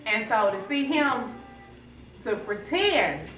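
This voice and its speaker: A woman telling fond, gently humorous stories at her grandfather's funeral. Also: on the high side, big pitch swings, takes it slowly, soft background music. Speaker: granddaughter giving a eulogy. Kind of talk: emotional memorial speech. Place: church funeral service. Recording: echoey hall, distant mic, crowd.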